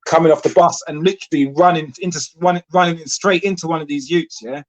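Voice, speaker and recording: A man's voice: a little high, fast. A man, co-hosting a podcast in casual chat, blunt and repetitive, often asking "you know what I mean". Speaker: podcast co-host.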